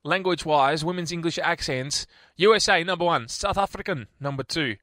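Bright-voiced Australian man, radio host. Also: on the high side, fairly quick, dry recording, studio quality. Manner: playful, animated, mock-indignant. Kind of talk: breakfast radio banter.

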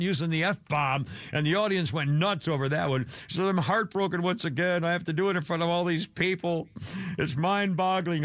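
Radio host, middle-aged man, somewhat high voice, rambling and mocking, dry close sound. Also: fairly bright tone, no room sound. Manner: rambling, mocking, full of fillers and restarts. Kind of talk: rambling radio show chat.

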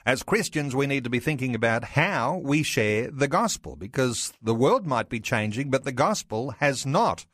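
A man, hosting a radio talk show interview in a measured, unhurried way. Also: mid-range voice, animated, fairly bright tone, dry recording, studio quality. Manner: measured, unhurried, with occasional fillers. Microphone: studio microphone.

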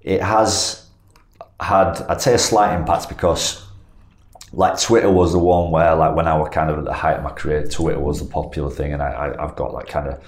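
A man's voice: a bass voice, moderate pace. A man, a footballer guest, telling an anecdote casually, rambling and self-correcting as he goes. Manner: rambling, self-correcting, animated when retelling. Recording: echoey room, faint background noise.

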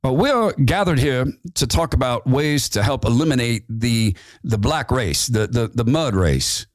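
A man putting on the slow, halting, pompous voice of an older male white supremacist leader. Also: mid-range voice, lively intonation, dry recording, studio quality, close to an everyday voice.

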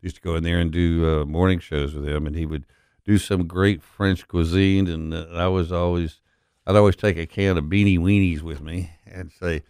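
A middle-aged man hosting a talk radio show, rambling and folksy with many filler pauses, on a studio broadcast mic. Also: deep voice, fairly even intonation, a little mellow, smooth, dry recording.

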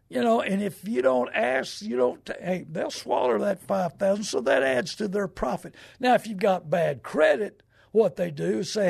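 A man's voice: high-pitched, animated, normal speed, vocal fry, a little mellow, breathy edge. A middle-aged man, a show host, giving casual advice in a rambling, folksy, emphatic way.

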